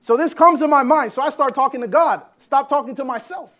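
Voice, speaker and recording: A man preaching a sermon as a personal story, animated, swinging between loud bursts and hushed lines. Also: very high voice, brisk. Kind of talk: sermon testimony.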